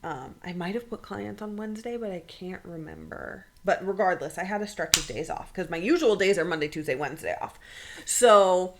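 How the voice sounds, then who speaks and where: A young woman with a fairly low voice tells a personal story on a podcast. She talks casually, swears often and acts out what others said in quick quoted bursts. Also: animated, noisy background. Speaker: podcast co-host.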